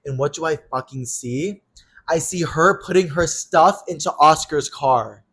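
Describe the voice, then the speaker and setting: A man's voice: on the high side, measured pace, a bit bright, breathy edge. A young man in his twenties, co-hosting a podcast, animatedly retelling a story with swearing and acted-out quotes. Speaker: podcast co-host. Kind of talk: casual storytelling chat.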